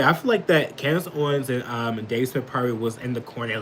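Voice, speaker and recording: A man's voice: mid-range voice, lively intonation, fairly quick, fairly bright tone, a little hiss or hum, poor audio. A man giving casual live political commentary, rambling, swearing and snapping back at chat comments. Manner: rambling, profane, reacts angrily to chat comments.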